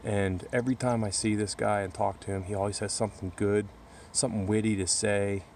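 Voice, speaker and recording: A man's voice: lowish voice, little pitch movement, brisk, darkish tone, slight background noise. A man talking casually to camera outdoors in a backyard corner, rambling through a story with many restarts. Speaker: vlogger. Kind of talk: casual chat.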